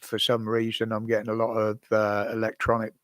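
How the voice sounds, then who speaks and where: A man's voice: fairly low pitch, monotone, a little fast, dry recording. Older chatty British man, dry sound. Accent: British English. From United Kingdom. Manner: rambling, chatty, chuckles often. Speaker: live-stream host. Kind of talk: casual chat answering viewers. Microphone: desk microphone.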